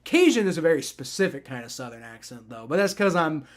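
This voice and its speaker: A man's voice: fairly high pitch, very animated, fast. A man hosting a live football reaction stream, talking casually and rambling, with frequent restarts and swearing. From family from the American South. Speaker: livestream host.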